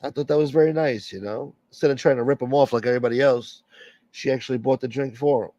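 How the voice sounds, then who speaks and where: A man's voice: medium pitch, fast talker, mellow, no echo. Male stream host, blunt and rambling, dull lo-fi dry audio. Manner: blunt, opinionated rambling with frequent asides. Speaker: livestream host. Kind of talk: casual chat.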